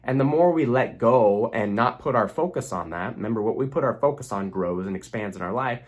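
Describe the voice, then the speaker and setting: A man's voice: mid-range voice, animated, brisk. A young man speaking earnestly as a relationship coach, giving a motivational self-help talk to the camera and repeating phrases for emphasis.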